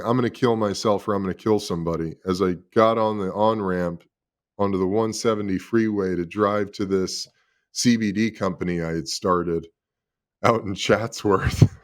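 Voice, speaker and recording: A man in his thirties speaks in a low, deep register. He tells his own story as an interview guest. He sounds confessional and emotional and swears freely. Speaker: podcast guest, former pro football player. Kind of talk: candid personal storytelling.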